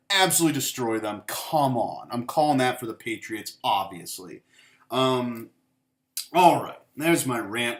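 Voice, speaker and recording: A young man ranting about football in a profane, rambling, emphatic way. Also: mid-range voice. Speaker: sports commentator. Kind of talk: ranting vlog commentary. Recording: echoey room.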